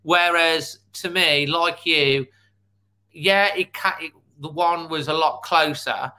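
A man co-hosting a casual football fan chat, laying out his points calmly and step by step. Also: on the high side. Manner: measured, explains points step by step. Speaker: football podcast co-host.

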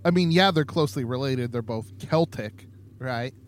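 A man's voice: medium pitch, moderate pace. A man co-hosting a podcast, steering the conversation and teasing his partner playfully. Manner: teasing, playful, leads the talk. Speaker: podcast co-host. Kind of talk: casual chat.

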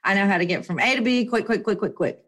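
A young woman telling a personal story in a casual, animated way, full of fillers and acted-out quotes. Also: mid-range voice, quick pace. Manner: animated, chatty, lots of fillers and voiced quotes.

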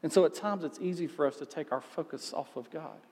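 A man's voice: fairly high pitch, a little fast, darkish tone, big-room sound. A male pastor giving a sermon in a conversational way, asking rhetorical questions.

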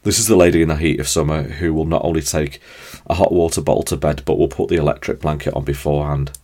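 A man hosting his own podcast, telling rambling, self-deprecating stories in a chatty, animated way. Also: rumbling low, fast talker. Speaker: podcast host. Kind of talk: casual storytelling monologue.

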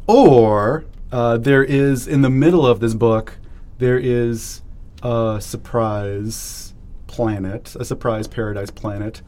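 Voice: medium pitch, takes it slowly, dark tone. A podcast co-host chatting casually and playfully while leading the show's segments. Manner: playful, laughing, running the segment. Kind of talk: casual chat.

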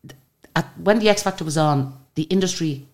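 A woman's voice: deep voice, brisk. An older woman, a singer, telling chatty stories in a radio interview and acting out the dialogue. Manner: chatty, animated retelling of stories with quoted dialogue. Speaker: guest singer. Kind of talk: radio interview, anecdotal storytelling.

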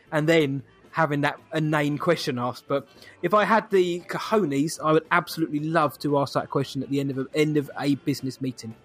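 Male podcast co-host, a touch higher voice, joking and chatty. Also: breathy edge. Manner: jokey, chatty, wraps up the show. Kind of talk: casual podcast chat.

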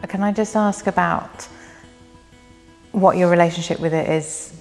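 Woman interviewer, low monotone, reflective, in a reverberant hall with faint guitar. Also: unhurried. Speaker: host and interviewer. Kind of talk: gentle interview questions and reflection.

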